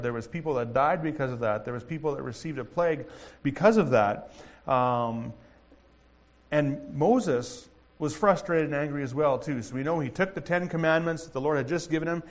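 A man in his thirties preaching a conversational sermon, animated and acting out quoted voices. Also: on the high side. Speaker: pastor.

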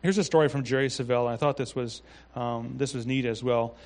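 A pastor preaching a sermon in a relaxed, conversational way, reading scripture and adding asides. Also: male voice, medium pitch, fairly quick. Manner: conversational, with frequent restarts and asides.

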